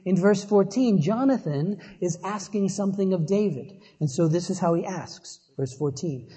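A man's voice: sits high, normal speed, few pauses, mellow, slightly rough. Earnest male preacher, sermon delivery with emphatic repetition, long hall reverb.

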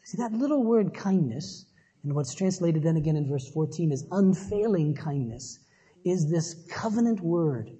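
A man's voice: on the high side, expressive, moderate pace, mellow, breathy edge. Earnest male preacher, sermon delivery with emphatic repetition, long hall reverb.

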